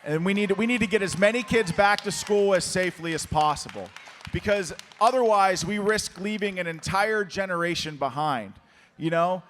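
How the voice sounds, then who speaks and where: On stage before an audience in a conference hall, a man running for office talks as an interview guest in a live conversation. His hoarse, fading voice is a bit bright and moderately paced, pushing an emphatic, rallying pitch. Long hall reverb and a little hiss or hum color the recording.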